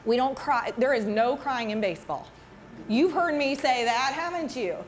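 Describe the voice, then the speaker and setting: Woman presenter, higher voice, chatty and animated, quizzes the audience, slight background noise. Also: moderate pace. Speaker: school parent education presenter. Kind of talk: casual presentation to parents. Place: meeting room with an audience.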